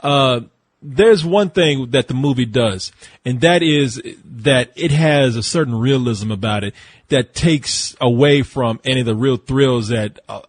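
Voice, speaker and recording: A man's voice: mid-range voice, a little slow, dry recording. A man co-hosting a movie review podcast, chatting casually with jokes and rambling restarts. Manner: joking, rambling, laughs often. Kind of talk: casual chat.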